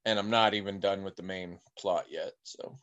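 A man's voice: deep voice, fairly even intonation, normal speed, fairly bright tone, lo-fi sound. A man co-hosting a podcast, chatting casually and wandering off on digressions as he tells stories. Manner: rambling, digressive storyteller. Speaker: podcast co-host.

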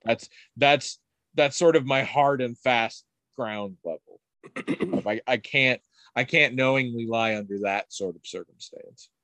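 A middle-aged man in casual conversation, telling rambling stories with frequent restarts and animated quoted voices. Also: medium pitch, unhurried, dry recording. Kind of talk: casual chat.

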